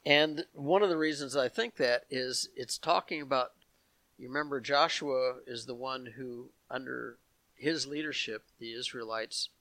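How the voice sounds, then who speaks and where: A man's voice: mid-range voice, sharp tone, dry recording. Man giving a Bible teaching, dry sound. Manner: explanatory, reads passages aloud with asides to the congregation.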